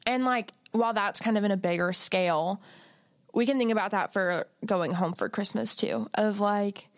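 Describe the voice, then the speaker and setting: A young woman on a podcast, thinking aloud and offering gentle advice in easy, meandering sentences. Her voice is mid-pitched and recorded dry and close, with no room sound. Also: moderate pace, no echo. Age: young adult. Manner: reflective, gently advising, many "like" fillers. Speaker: podcast co-host. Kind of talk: casual chat.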